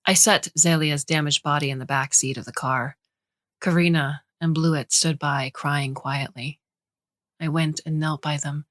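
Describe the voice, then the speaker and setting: Low-voiced woman narrating a story. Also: dry recording, studio quality. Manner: measured, expressive reading.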